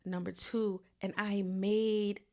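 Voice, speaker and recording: Young woman podcast host, casual profane storyteller, emphatic and lively. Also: medium pitch, takes it slowly.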